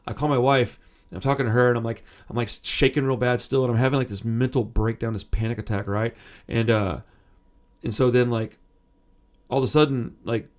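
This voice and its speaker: A man's voice: mid-range voice, a little mellow. Rambling man telling a story. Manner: rambling, self-interrupting, swears casually. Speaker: punk music channel host. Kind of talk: casual storytelling to camera.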